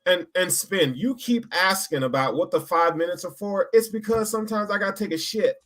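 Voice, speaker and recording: A man hosts a casual sports podcast in a loud, joking way and calls out viewers by name. His voice sits a little high, with a bright, forceful edge. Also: a little fast. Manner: loud, joking, gives shout-outs to viewers. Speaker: podcast host.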